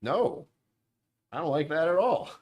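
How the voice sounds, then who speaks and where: A man's voice: fairly high pitch, animated, a little slow, dull audio. A man hosting a casual livestream from home, rambling and sarcastic with self-deprecating asides. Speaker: livestream host. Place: at home, dishwasher running nearby.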